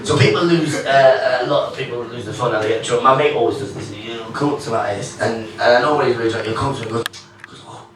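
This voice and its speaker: A man performing a stand-up comedy set, chatty and animated, acting out characters in silly voices. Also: medium pitch, fast talker, distant mic. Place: comedy club stage. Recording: echoey club mic with audience laughter. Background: audience laughter.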